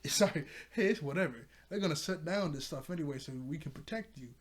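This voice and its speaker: Young male reviewer, slightly high voice, loose rambling recap. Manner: rambling, laughs often, acts out lines in quick bits. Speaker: show reviewer. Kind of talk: casual episode recap.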